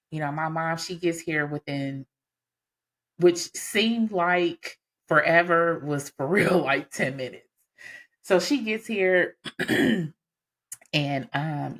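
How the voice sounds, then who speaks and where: A woman telling her own story on a podcast, casual and animated, with lots of fillers. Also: sits low, creaky. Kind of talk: personal storytelling.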